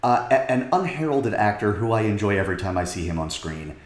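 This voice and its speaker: Lower-voiced man in an echoey room. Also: animated, brisk. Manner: enthusiastic, emphatic. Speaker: podcast co-host. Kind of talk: casual chat about a film.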